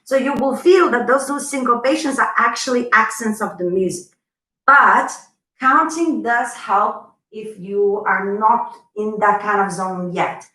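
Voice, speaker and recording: A woman's voice: a little high, measured pace, bright, forceful tone, roomy sound, low-quality recording. A woman teaching a live online dance lesson, chatty and bubbly, counting the beats aloud as she goes. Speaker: dance instructor.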